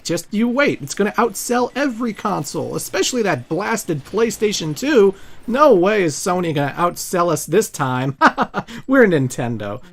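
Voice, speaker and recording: A man's voice: high voice, big pitch swings, moderate pace, creaky, heavily acted. A man mocking a smug, gloating game company executive.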